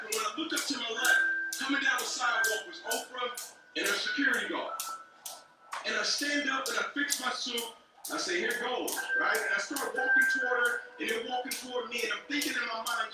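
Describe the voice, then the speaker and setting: A man telling a story as a motivational speaker, building to passionate shouts. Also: very high-pitched, far from the mic. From Atlanta, Georgia. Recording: echoey hall from afar with loud music.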